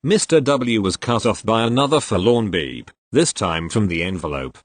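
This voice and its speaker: A man's voice: fairly low pitch, animated, moderate pace, no echo. A man reading tech-support stories aloud with a dry storytelling delivery, giving quoted lines small voice shifts. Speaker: narrator reading posts aloud.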